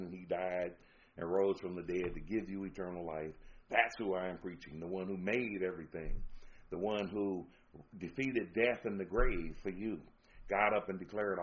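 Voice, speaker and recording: A man preaching a sermon, reading out scripture verses and pressing his points with emphasis. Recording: dull low-fi recording with faint noise.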